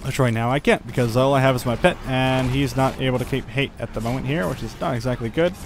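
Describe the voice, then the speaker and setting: A man's voice: mid-range voice, fast, slight background noise. A young man giving casual gameplay commentary, thinking aloud with lots of fillers and chuckles. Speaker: gaming channel host.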